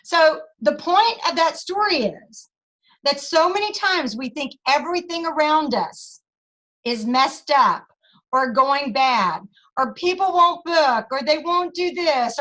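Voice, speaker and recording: A woman leading a motivational team video call in an upbeat, energetic way. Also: high voice, unhurried, poor audio. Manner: upbeat and energetic, tells stories with voices.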